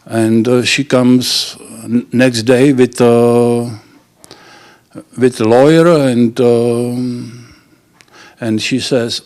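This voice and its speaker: Slow-talking man telling jokes. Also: medium pitch, level tone, darkish tone. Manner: halting, with many fillers and restarts. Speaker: joke teller. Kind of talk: casual joke telling.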